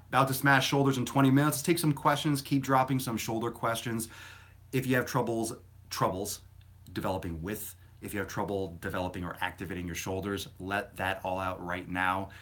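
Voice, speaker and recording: A man with a low, deep voice chats loosely on a fitness live stream. He rambles from point to point and answers viewer questions bluntly, with the odd curse thrown in. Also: fairly even intonation, fairly quick, fairly bright tone. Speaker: fitness livestream host. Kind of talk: casual live-stream chat.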